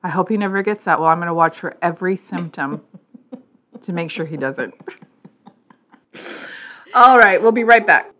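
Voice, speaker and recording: Bright-voiced giggly woman co-host. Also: fairly low pitch. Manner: giggly, self-mocking, quick asides. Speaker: podcast co-host. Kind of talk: casual chat.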